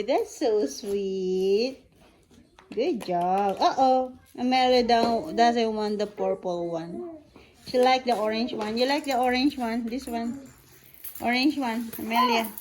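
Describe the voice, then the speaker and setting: High, slow sing-song baby-talking woman. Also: a little hiss or hum. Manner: coaxing and sing-song, laughing often. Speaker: caregiver. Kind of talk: baby talk while playing. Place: home, on the floor with toddlers.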